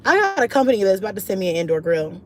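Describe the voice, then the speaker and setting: A mom vlogger hosts her own channel's livestream, chatting casually and reading viewer comments in relaxed, slangy talk. She speaks very fast, her pitch often jumping high.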